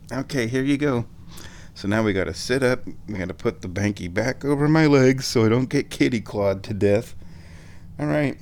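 A man's voice: mid-range voice, moderate pace, a little mellow, a little hiss or hum. A drowsy man rambling casually to his viewers at home, chuckling often, his sinuses a bit stuffed. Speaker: vlogger. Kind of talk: rambling casual chat to camera.

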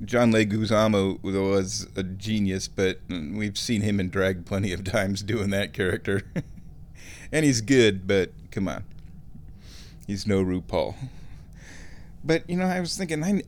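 A man from Omaha, Nebraska, telling a rambling, nostalgic story in a casual monologue, chuckling often and clearing his throat. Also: lowish voice, a little mellow. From Omaha, Nebraska, USA.

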